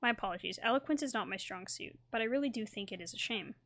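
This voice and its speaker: A courteous, formal male scholar, read aloud by a woman in her own everyday voice. His speech is careful and apologetic, with measured pauses. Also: on the high side, a bit bright. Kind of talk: reading game dialogue aloud.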